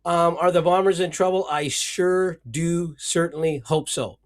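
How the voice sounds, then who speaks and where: Sarcastic male co-host, somewhat high voice. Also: measured pace. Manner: sarcastic, mock-emotional rants. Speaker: podcast co-host. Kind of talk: casual sports chat.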